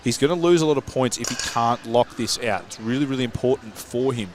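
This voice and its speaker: Aussie guy doing live commentary, chatty and analytical, average pitch, jokes at himself. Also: brisk, a little hiss or hum. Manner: chatty, analytical, self-mocking.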